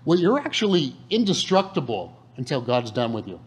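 A man's voice: medium pitch, moderate pace, breathy edge. A man preaching a sermon in a conversational way, often asking the congregation questions. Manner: animated, conversational, asks the room questions. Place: church hall.

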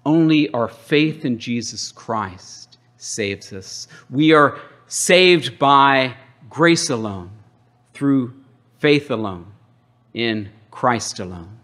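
A middle-aged man preaching from the pulpit, his voice rising and falling with lively, animated emphasis. He takes his time, letting each phrase land with a deliberate, unhurried pace and dramatic pauses. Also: medium pitch. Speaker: pastor. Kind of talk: sermon.

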